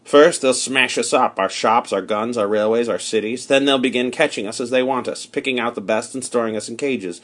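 A man reading the part of a grim, weary soldier with a hoarse voice, speaking in blunt, gloomy declarations. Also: medium pitch, brisk, few pauses, fairly bright tone, natural voice. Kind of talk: audiobook character reading.

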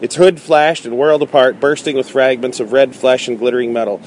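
A man reads a novel aloud at a measured pace, now and then stumbling and restarting a phrase. His voice sits at an ordinary middle pitch. Faint traffic and street sounds linger in the background. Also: steady tone. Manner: measured, with small slips and restarts. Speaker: audiobook reader.

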